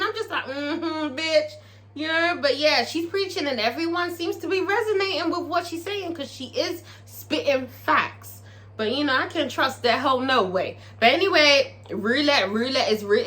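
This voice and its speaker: A woman's voice: sits high, bright, forceful tone. A British woman recapping a TV episode in a casual, profane, chatty way, as a show reviewer.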